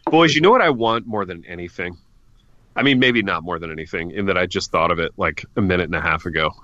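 Joking podcast guy, kinda low voice, sharp edge, dull dry lo-fi sound. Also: quick pace, no room sound. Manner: joking, calls co-hosts "baby". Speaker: podcast co-host. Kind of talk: casual comedic banter.

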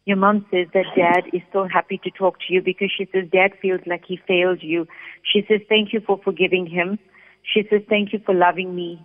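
A woman working as a psychic medium, calmly relaying messages during a radio reading. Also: mid-range voice. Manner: calm, steady, relays messages in first person. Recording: phone-like sound with long reverb.

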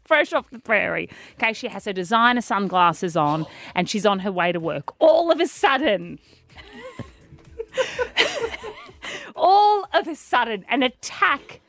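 A woman co-hosting a podcast, telling a story in a dramatic, animated way with frequent laughter. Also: a little high, takes it slowly, long pauses. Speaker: podcast co-host. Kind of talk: casual chat, storytelling.

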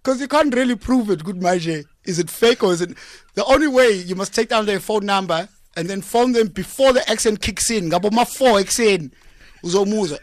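A South African man, a comedian guest in a radio studio, telling jokes in a deadpan storytelling way. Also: high-pitched, a little fast, no room sound. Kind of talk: joking radio interview chat. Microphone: studio microphone.

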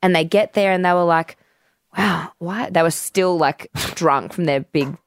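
A woman's voice: lowish voice, moderate pace, smooth, no room sound, clean studio sound. A woman co-hosting a podcast, chatting casually and telling stories with emphasis. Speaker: podcast co-host. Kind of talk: casual chat.

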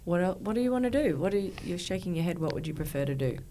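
A woman's voice: lowish voice, animated, racing, mellow. A woman in her thirties hosting a podcast in a studio, chatting casually and rambling with filler words. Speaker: podcast host.

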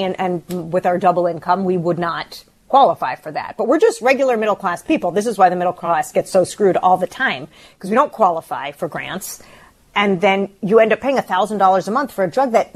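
A middle-aged woman on a radio show sounds rattled and emotional. She stumbles and restarts often as she talks. Her pitch sits in an ordinary middle range for a woman. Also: animated. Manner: shaken and emotional, halting restarts. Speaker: radio co-host. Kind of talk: casual radio talk.

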